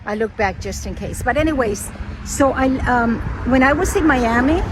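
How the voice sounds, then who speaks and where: A woman from Cuba with a Cuban Spanish accent, a native Spanish speaker, chatting in a rambling, excitable way and often cutting herself off as she walks a lakeside path, talking into a handheld phone. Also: fairly high pitch, moderate pace. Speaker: vlogger. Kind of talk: casual walking vlog. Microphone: phone held while walking. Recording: outdoor traffic noise.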